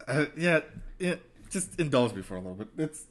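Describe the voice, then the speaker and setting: A man's voice: on the high side, sing-song, fairly quick. A man in casual chat as a podcast co-host, rambling and chatty. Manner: rambling, chatty, does mocking quoted voices.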